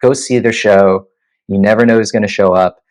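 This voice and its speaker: The audio is poor, and the man's voice is fairly low-pitched at a moderate pace. He's a musician in his thirties, a guest telling casual, animated interview stories sprinkled with many instances of "you know" and "like."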